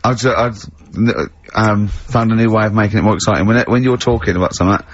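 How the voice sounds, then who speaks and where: A man's voice: on the low side, steady tone, quick pace, dry recording. Giggly man teasing on air. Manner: giggly, teasing, breaks into laughter. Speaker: radio show host. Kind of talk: casual radio banter. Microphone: studio microphone. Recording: dull lo-fi radio studio.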